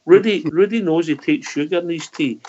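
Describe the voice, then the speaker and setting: A man's voice: on the high side, brisk, warm tone. A man hosting a casual radio phone-in, teasing and joking with callers. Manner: teasing, jokey. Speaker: phone-in host. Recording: dull lo-fi online call audio.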